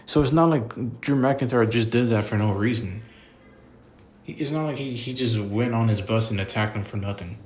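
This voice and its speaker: A man's voice: medium pitch, normal speed, a little mellow, slight background noise. Exasperated man ranting casually. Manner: exasperated, repetitive, heavy filler words and cursing. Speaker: wrestling commentator. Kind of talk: casual opinion rant.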